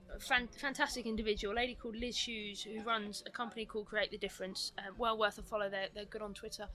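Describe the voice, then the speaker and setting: A woman with a bright, fairly high voice speaks in a mixed British accent with a London twang. She has a slight lisp and talks quickly and animatedly, like a coach mentor chatting in a podcast conversation.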